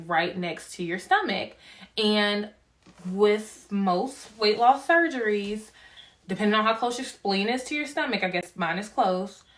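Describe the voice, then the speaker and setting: A woman's voice: medium pitch, a bit bright. Chatty woman vlogger telling a story. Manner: chatty storyteller, acts out dialogue, laughs often. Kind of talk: casual chat to camera.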